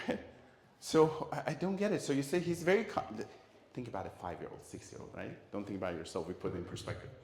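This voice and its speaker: A man's voice: mid-range voice, fast talker, slight background noise. Guy giving a parenting talk at a community center, keeps asking the crowd questions, acts out the parents and kids, roomy echo. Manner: lively, asks the audience questions, acts out parents and children. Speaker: lecturer at a community centre. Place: community centre hall. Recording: echoey hall.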